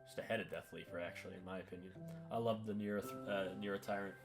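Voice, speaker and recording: Man, low voice, relaxed offhand tier-list commentary, guitar music underneath. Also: very fast. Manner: relaxed, offhand, says "eh" and "uh" often. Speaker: hobby video creator.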